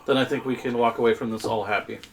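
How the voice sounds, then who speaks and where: A man's voice: mid-range voice, flat delivery, quick pace, heavy background noise. A man playing a tabletop game, bargaining in character and joking around. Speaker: player. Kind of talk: casual game chat.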